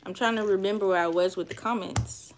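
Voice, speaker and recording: A young woman with a relaxed Southern Carolina accent talks loosely to her viewers during a home livestream. She reads comments aloud and trails off into fillers as she goes. Her pitch sits in a middle range. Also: a little fast, a little hiss or hum. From North Carolina or South Carolina, US. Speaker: hair vlogger reading live comments. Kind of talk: casual chat, livestream. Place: at home, indoors.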